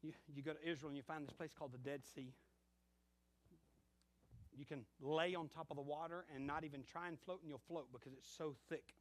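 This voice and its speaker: Animated preaching man, slightly high voice. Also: a little fast. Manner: animated storytelling with acted-out dialogue. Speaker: pastor. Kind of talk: sermon.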